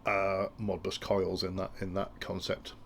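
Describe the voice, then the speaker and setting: Low-voiced man with gravelly tone. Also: little pitch movement, measured pace, slight background noise. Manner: thinking aloud with frequent restarts. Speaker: instructor explaining industrial control. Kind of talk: technical tutorial walkthrough.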